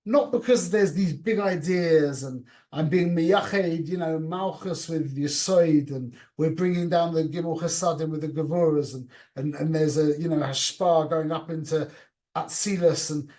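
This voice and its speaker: Animated man teaching an informal class. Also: fairly high pitch, a little slow. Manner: animated, many restarts, Yiddish and Hebrew terms.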